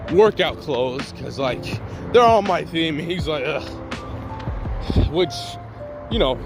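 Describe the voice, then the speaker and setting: A man casually improvising a fan-fiction story in slangy, rambling talk full of asides. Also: on the high side.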